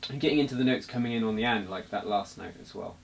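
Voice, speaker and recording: A man teaching jazz guitar in a relaxed, casual way, explaining notes while he plays and counting beats aloud. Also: fairly low pitch, fast talker, vocal fry. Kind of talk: casual music lesson. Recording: loud guitar under the voice. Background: guitar playing.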